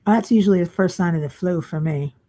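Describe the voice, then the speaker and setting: Fairly low in pitch and mellow, this woman talks fairly quickly despite being tired and yawning. She runs a casual crafting stream, chatting live and reading comments aloud as she crafts.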